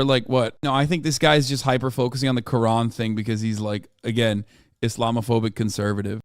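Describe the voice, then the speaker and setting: Brief: male streamer, casual reaction talk, slightly higher voice, dry. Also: no room sound. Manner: incredulous, slangy, reads articles aloud quickly.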